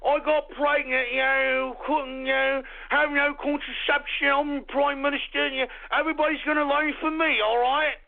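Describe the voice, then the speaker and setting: A whiny, self-excusing woman politician, as a male talk host mocks her. The voice sits very high and gravelly. It comes through a thin, phone-like line. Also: level tone, moderate pace, hardly any pauses, exaggerated voice. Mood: mocking.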